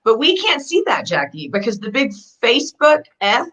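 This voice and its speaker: A woman hosts a live online talk, chatty and bubbly and quick to laugh. Her pitch rises and falls with a lot of life. She sounds like she is speaking from home over a video call. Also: very animated, fairly bright tone, poor audio. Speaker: host. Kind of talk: casual livestream talk.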